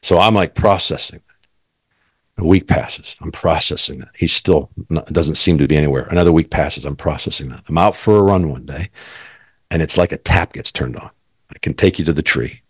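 Deep-voiced man telling an earnest testimony. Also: moderate pace, husky, no room sound, studio quality. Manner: earnest, reflective, quotes others in the telling. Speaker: guest. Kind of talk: personal testimony storytelling.

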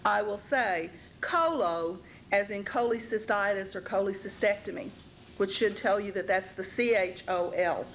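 Woman teacher, slow and careful, spells letters out, clears throat often, mid voice, faint hiss. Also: medium pitch, low-quality recording. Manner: frequent throat-clearing and filler pauses. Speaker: anatomy instructor. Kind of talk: recorded lecture. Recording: faint background noise, archival lecture tape.

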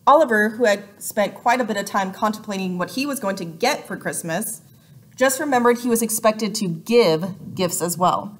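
A woman narrating a children's novel as an audiobook, in a clear, gently expressive way. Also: medium pitch, moderate pace, slight background noise. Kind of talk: scripted narration.

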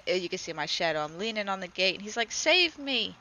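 A woman's voice: on the low side, fast, low-quality recording. A woman who breeds goats, chatting casually and affectionately as she comments on her own farm videos. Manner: chatty, affectionate toward the animals.

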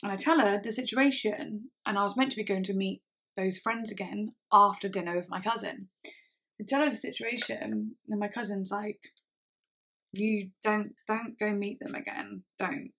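A woman in her twenties telling a personal story on her channel, halting, with many fillers and restarts. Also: mid-range voice, vocal fry, a bit bright. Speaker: vlogger. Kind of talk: casual storytelling.

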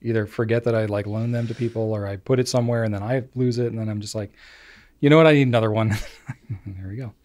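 A man near forty co-hosting a podcast, chatting in an easygoing, agreeable way with quick asides. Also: on the low side, steady tone, a little mellow. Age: 30s. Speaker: podcast co-host. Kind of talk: casual chat.

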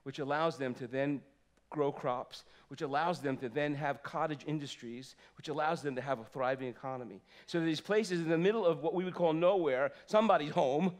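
Pastor, 50s, man with a higher voice; lively sermon delivery that drops into soft asides. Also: moderate pace, few pauses. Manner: animated, swings from loud exclamations to soft asides. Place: church sanctuary.

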